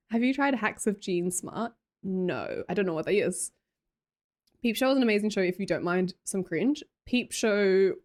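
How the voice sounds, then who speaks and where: Aussie girl chatting on stream, reads chat, laughs a lot, pitch jumps up into squeals. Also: darkish tone. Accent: Australian. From Australia. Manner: chatty, laughs often, breaks into high squeals. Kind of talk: casual chat reading live chat.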